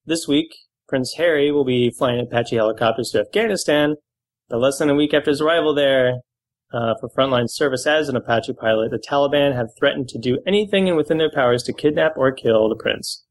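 A man's voice: mid-range voice, brisk, rough recording. A man co-hosting a comedy podcast in casual chat, wryly riffing on news items. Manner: wry, riffing on news stories. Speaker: podcast co-host.

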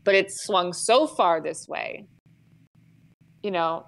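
A woman's voice: fairly low pitch, slow, creaky, rough recording. A woman in a casual podcast chat, blunt and swearing, laughing often and restarting her sentences.

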